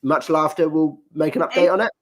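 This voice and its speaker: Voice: medium pitch, fairly even intonation, brisk. A comedy show host wrapping up casually over a video call, rambling with plenty of fillers.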